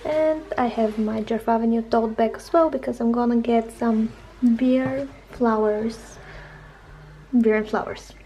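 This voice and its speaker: A woman's voice: a little high, fairly even intonation, measured pace, dark tone, a little hiss or hum. A young woman vlogging casually in a chatty, upbeat way. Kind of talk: casual vlog narration. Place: home and outdoors around town.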